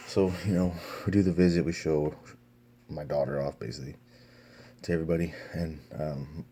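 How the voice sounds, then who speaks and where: A young man with a low, husky voice tells a story on his vlog. His tone is dark and mellow, and he speaks in a loose, profane ramble full of "um"s and false starts. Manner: profane, rambling telling full of fillers and restarts. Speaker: vlogger.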